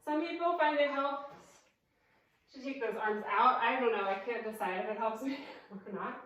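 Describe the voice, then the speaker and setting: A woman's voice: on the high side, moderate pace, a bit bright. A woman fitness instructor leading a live workout class, out of breath, upbeat and chatty as she counts down reps. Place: indoor room at home, evening workout. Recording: very echoey room, mic far off.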